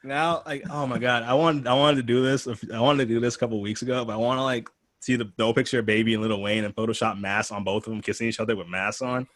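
A man co-hosting a casual podcast chat, animated and loose, swearing, laughing often and restarting his sentences. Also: medium pitch, quick pace. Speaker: podcast co-host.

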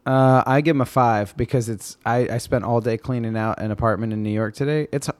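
A man chatting casually as a podcast co-host. He keeps joking and talks over the others with quick interruptions. His pitch sits in the middle for a man. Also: a little mellow, dry recording. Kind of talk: casual banter.

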